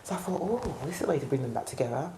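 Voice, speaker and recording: A woman's voice: low-pitched, racing, a little hiss or hum. A woman with a Birmingham accent, a gospel choir leader telling stories in an interview and acting out the voices she quotes. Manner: animated, acts out quoted voices. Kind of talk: storytelling interview. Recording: echoey room.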